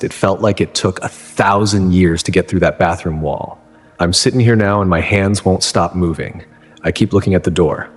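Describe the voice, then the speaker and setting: A man in his thirties from Texas, telling his own story in first person, earnest and halting, often breaking off and restarting. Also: low voice, breathy edge. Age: 30s. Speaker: narrator. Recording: long reverb with music underneath.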